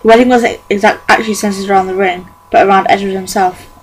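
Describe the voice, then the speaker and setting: A woman's voice: medium pitch, fairly even intonation, fast talker, breathy edge, rough recording. A young woman reading a novel aloud at home as a fan audiobook, earnest, with occasional stumbles and restarts. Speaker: amateur audiobook reader. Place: bedroom at home.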